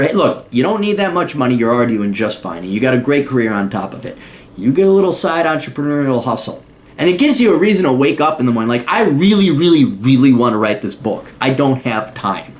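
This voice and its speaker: Profane, ranting man with a lively voice. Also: mid-range voice. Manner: mocking, sarcastic asides. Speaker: podcast host. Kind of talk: advice podcast monologue.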